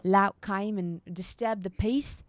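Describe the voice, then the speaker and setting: A woman's voice: medium pitch, slow, dry recording, natural voice. A woman voicing a nervous, shifty male satyr hired hand in a tabletop game, talking in slangy, pleading rambles. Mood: rambling. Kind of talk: tabletop role-play.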